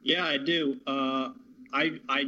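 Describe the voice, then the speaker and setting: A man handicapping harness races, talking confidently but haltingly with many fillers. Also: medium pitch, fairly even intonation, sharp tone, lo-fi sound, a little hiss or hum. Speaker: racing handicapper. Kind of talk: horse racing handicapping talk.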